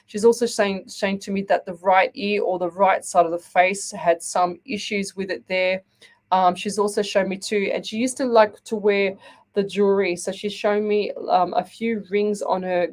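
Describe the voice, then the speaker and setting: An Australian woman hosts a live psychic call-in reading, talking in a chatty, reassuring way. She often checks in with her listeners as she goes. Her voice sits at an ordinary middle pitch. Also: steady tone, a little slow, a little mellow. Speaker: psychic medium radio host.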